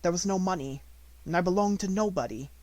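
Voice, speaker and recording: A man reading an audiobook and voicing a quiet, grave orphaned little girl in a raised, soft, steady voice. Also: high voice, fairly quick, pitched above the performer's own voice, natural voice.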